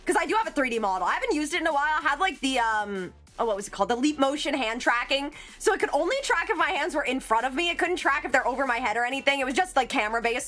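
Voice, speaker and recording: A giggly, talkative woman chats casually on her livestream. Her voice sits high and swoops around a lot. Soft music plays faintly behind her. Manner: chatty, giggly, self-described yapper. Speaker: streamer. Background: faint background music.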